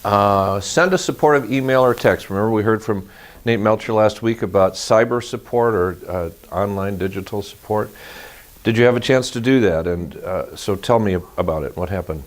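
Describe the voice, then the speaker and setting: A man leading a group training session, talking conversationally and pausing with frequent fillers. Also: lowish voice. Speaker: training leader.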